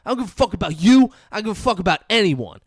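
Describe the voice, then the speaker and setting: A man's voice: fairly high pitch, animated, normal speed, smooth, no echo, studio quality, close to an everyday voice. A man voicing a volatile, obsessive teenage boy who leaves ranting voicemails, swinging between threats and pleading. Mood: furious.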